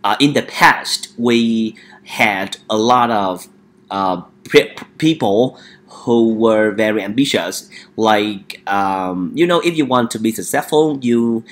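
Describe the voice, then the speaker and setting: A man's voice: lowish voice, slow pace. A man teaching an English vocabulary lesson. He often hesitates and repeats each word for the listener to drill.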